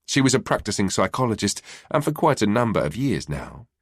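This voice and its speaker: Low-voiced male audiobook narrator. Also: slightly rough, no echo, clean studio sound. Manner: measured, expressive reading. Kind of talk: scripted narration.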